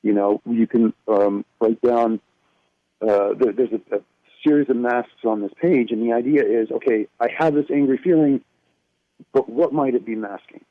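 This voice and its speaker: A man who wrote a children's workbook, explaining it to a host in a measured, explanatory way. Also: mid-range voice, fairly even intonation, no room sound. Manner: measured, explanatory, many fillers and restarts. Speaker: workbook author, guest. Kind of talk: casual interview talk. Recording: tinny phone line.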